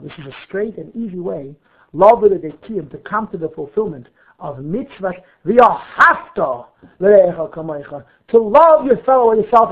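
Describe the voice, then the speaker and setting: A man's voice: sits high, vocal fry. A man teaching a Torah class, reading Hebrew text and explaining it line by line with questions and answers. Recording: phone-like narrow audio.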